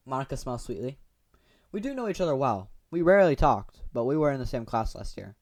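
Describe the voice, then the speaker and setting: A man's voice: medium pitch, very animated, fast. Goofy young man reading a game aloud. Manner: goofy, chatty asides with fillers. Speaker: gaming channel host. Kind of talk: reading a visual novel aloud.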